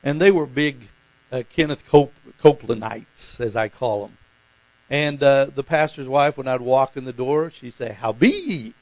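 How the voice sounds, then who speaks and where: Gravelly-voiced pastor in a casual sermon. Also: male voice, medium pitch, steady tone, normal speed, a little mellow, no echo, poor audio. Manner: informal, asks the congregation questions. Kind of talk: conversational sermon.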